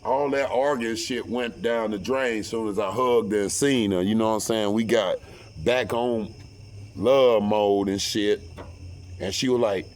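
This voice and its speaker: A man telling a personal story casually, profane and animated, with lots of fillers. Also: lowish voice, unhurried, a little hiss or hum.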